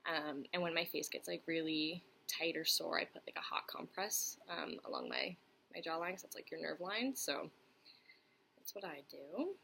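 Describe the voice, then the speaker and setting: A woman's voice: low-pitched, very animated, moderate pace, gravelly, pushed and bright, slight background noise, low-quality recording. A young woman chatting candidly to camera, answering viewer questions with lots of fillers and restarts. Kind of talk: casual chat to camera.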